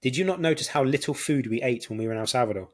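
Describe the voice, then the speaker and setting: A man's voice: mid-range voice, lively intonation, rapid-fire. A man from Britain hosting a podcast, explaining his ideas in an enthusiastic casual chat. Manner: enthusiastic, explanatory, many fillers. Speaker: podcast host.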